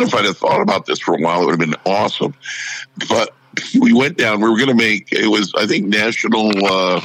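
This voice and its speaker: Male storyteller, low and gravelly, animated, dry close sound. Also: dry recording, rough recording. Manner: animated storyteller acting out quoted voices. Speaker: radio morning show personality. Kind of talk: casual storytelling interview.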